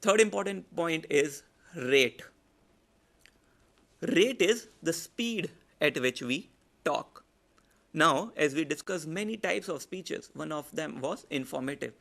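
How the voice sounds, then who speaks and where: Man, Indian English accent, speaking trainer, slightly high voice, gravelly edge, lecturing. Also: lively intonation. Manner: demonstrates loud, soft, fast and slow delivery. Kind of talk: online lecture.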